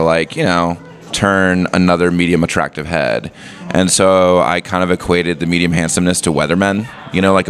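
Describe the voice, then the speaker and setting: A man with a notably low voice talks as a comedy guest on a podcast. He rambles through bits in a laid-back, casual way, leaning on filler words as he builds a joke. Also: a bit bright.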